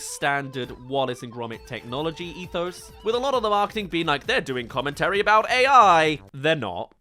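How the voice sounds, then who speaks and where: A man's voice: medium pitch, sharp tone. A man from the UK giving an opinionated, explanatory video review of a film, with playful asides. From United Kingdom. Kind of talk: scripted video review commentary.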